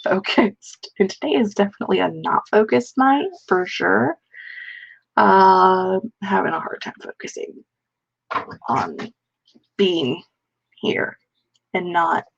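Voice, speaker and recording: Woman rambling to her chat on a writing stream, kinda fried gravelly voice, slow, lofi sound. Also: on the low side. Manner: rambling, self-mocking, talks to chat. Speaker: author hosting a live writing stream. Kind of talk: casual live-stream chat. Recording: slightly dull lo-fi stream audio.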